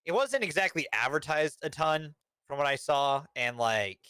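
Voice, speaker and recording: A man with a bright, forceful voice chats casually about films as a podcast co-host. He swears freely and slips in dry jokes. The sound is dry and close, with no room in it. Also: fairly high pitch, lively intonation, normal speed, clear, resonant tone, dry recording. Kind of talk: casual movie review chat.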